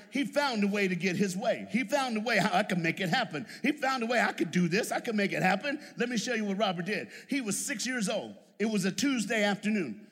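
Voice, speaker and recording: A man preaching a lively, humorous sermon with call-and-response to his congregation, heard with long reverb in a church. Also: high-pitched, husky.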